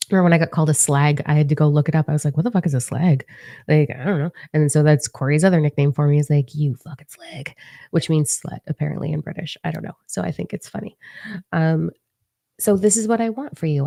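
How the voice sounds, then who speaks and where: Low, gravelly, blunt-talking woman. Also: warm tone, no echo, clean studio sound. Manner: blunt, profane, emphatic. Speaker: spiritual coach. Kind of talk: candid motivational monologue to camera.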